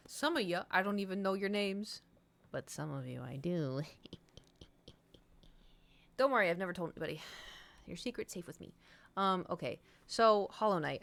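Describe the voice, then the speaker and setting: Young woman, lowish pitch, casual livestream chatter, rambling animated storyteller. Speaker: streamer. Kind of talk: casual chat with stream viewers.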